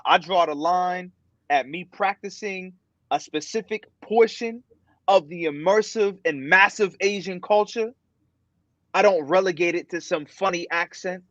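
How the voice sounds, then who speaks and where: A man's voice: on the high side, a bit bright, dry recording. Man, podcast co-host, emphatic, repeats for stress, dry dull recording. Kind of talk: casual group chat.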